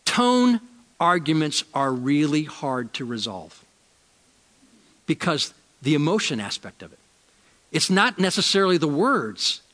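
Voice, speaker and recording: Bright-toned storytelling pastor, a man. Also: a little high, sing-song, big-room sound. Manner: storytelling, shifts from loud emphasis to slow, quiet lines; repeats key lines slowly for emphasis. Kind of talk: sermon.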